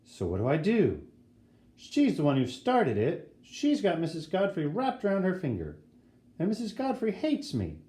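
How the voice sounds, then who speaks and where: A man's voice: high voice, wildly swooping pitch, normal speed, mellow. A man doing a brash, dramatic schoolboy. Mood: grumbling. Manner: indignant, dramatic, cocky. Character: brash, excitable eleven-year-old boy. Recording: roomy echo.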